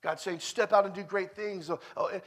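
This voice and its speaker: A man, a guest preacher in his thirties or forties, giving a conversational sermon with personal stories, repeating phrases emphatically and swinging from loud declarations to hushed, quiet stretches. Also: high voice, steady tone, brisk.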